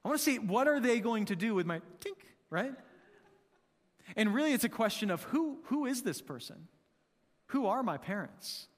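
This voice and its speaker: A man with a high, light voice preaches a sermon in a casual, conversational way, checking in with the congregation through constant rhetorical questions. His voice carries a long reverb, as if picked up in a large church hall. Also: big pitch swings, moderate pace. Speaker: pastor.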